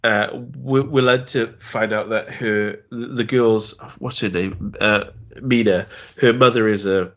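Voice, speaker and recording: A man's voice: on the low side, steady tone, measured pace, fairly bright tone, highs cut off. A man co-hosting a film podcast in a casual, rambling way, often repeating words and laughing as he talks. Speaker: podcast co-host.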